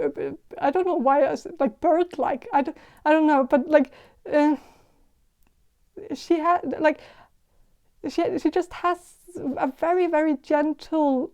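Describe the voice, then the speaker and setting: A woman giving a casual tarot reading, talking in a halting, hesitant way with many fillers and restarts. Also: high voice, mellow. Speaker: tarot reader.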